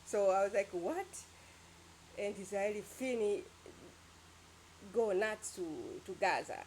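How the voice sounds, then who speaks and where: A woman's voice: mid-range voice, fairly even intonation, a little slow, darkish tone, a little hiss or hum. Rambling, emphatic woman vlogger. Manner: emphatic, rambling, with sound-effect words. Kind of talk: casual opinion monologue.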